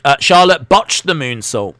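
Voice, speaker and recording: A man's voice: on the high side, expressive, moderate pace, fairly bright tone, dry recording. A man hosting a live wrestling watch-along, chatty and jokey, reacting aloud as he goes. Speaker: live stream host.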